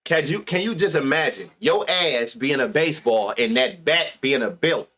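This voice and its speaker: A man's voice: mid-range voice, animated, normal speed, bright, forceful tone. A man hosting a live sports betting stream, reading stats and riffing loosely with plenty of profanity. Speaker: sports betting show host.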